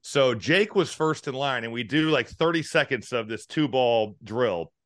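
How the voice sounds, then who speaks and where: Bright-voiced storytelling podcast man. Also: mid-range voice, measured pace, no echo, studio quality. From Indiana. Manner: animated storyteller, laughs often. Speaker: podcast co-host. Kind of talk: casual sports chat.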